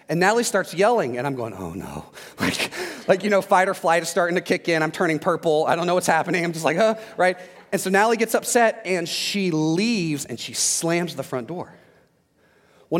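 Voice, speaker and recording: A man with a notably high voice preaches to his congregation and tells frank, funny stories from his own life. His voice carries a long reverb from a large hall. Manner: candid storytelling with humor. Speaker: pastor. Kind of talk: sermon.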